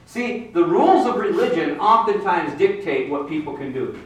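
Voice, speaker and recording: A pastor preaches a sermon, retelling a Bible story in a lively storyteller's manner and slipping into the characters' voices. His voice sits high for a man. It reaches the mic from some distance and rings through a very echoey hall. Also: moderate pace.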